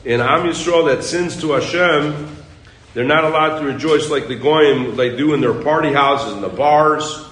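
A man teaching a Talmud class, quizzing his students with quick questions and pushing them to read on. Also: on the high side, a bit bright, reverberant, low-quality recording.

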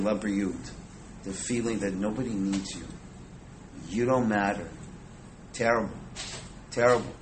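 Joking Torah teacher with faint room noise. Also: male voice, medium pitch. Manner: conversational, jokes with the audience, Hebrew and Yiddish terms. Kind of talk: informal Torah class.

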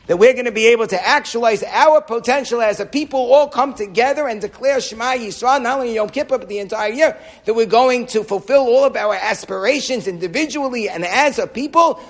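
A man giving a sermon as a rabbi, animated and repeating phrases for emphasis. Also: high voice.

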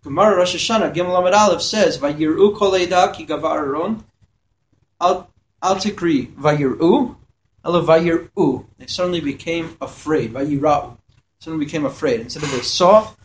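Man, high voice, yeshiva teacher, Torah lesson, reads and translates Hebrew verses, asks and answers questions. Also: slight background noise.

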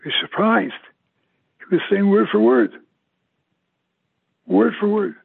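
A man's voice: high voice, very animated, a little slow, gravelly, husky, dry recording. An older man giving a eulogy, emotional and emphatic, repeating his words often. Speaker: eulogy speaker. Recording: tinny phone-like, dry sound.

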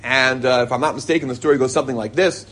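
A man's voice: mid-range voice, fairly even intonation, very fast, fairly bright tone. A middle-aged man teaching an informal Torah class to a live group, reading Hebrew passages and then explaining them in casual, joking English.

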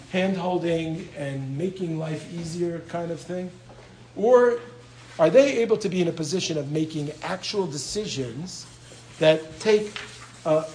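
A man's voice: on the high side, darkish tone, reverberant, slight background noise, rough recording. A man giving an informal Torah lecture, talking conversationally and often repeating his words, with Hebrew and Yiddish terms mixed in. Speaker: lecturer on Jewish law and medical ethics.

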